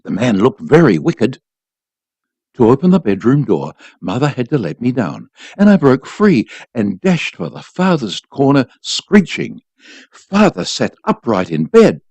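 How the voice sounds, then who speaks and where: A man's voice: medium pitch, big pitch swings, measured pace, a little mellow, slightly rough, no room sound. A man reading a short story aloud for a volunteer radio program, telling it expressively.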